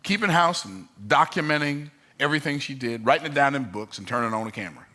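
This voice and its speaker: A man's voice: medium pitch, expressive, fast, bright, forceful tone. A man giving a motivational talk, emphatic and joking, repeating his key phrases for effect. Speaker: motivational speaker.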